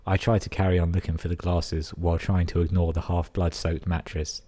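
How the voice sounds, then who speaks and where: Young English man, podcast host, very low voice, husky, swears a lot, sarcastic asides. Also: level tone, brisk, mellow. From England. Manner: sweary, sarcastic running commentary. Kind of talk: casual podcast reading listener emails.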